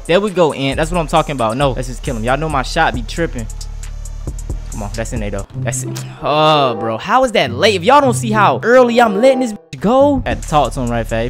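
A young man giving hyped, slang-heavy gameplay commentary, reacting loudly and trash-talking his opponents. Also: medium pitch. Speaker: gaming YouTuber.

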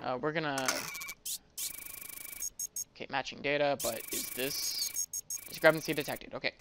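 A man's voice: medium pitch, steady tone, unhurried, pauses often, background noise. Joking man doing game commentary. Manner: joking, stammers and repeats words. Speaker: gamer playing a border-inspector game. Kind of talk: casual gameplay commentary. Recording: background game music.

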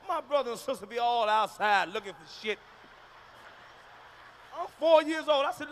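High-voiced guy yelling profane stand-up jokes, sharp tone, big hall reverb. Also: animated, normal speed, pauses often, a little hiss or hum. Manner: loud, profane, shouting punchlines. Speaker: stand-up comedian. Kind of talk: stand-up comedy routine. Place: large concert hall with audience. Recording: live hall recording with reverb.

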